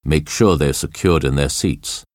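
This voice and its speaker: A man voicing a calm, stern male airline captain in an audiobook story, giving firm orders. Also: extremely low pitch, unhurried, dry recording, clean studio sound, voice pushed down. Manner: firm, commanding.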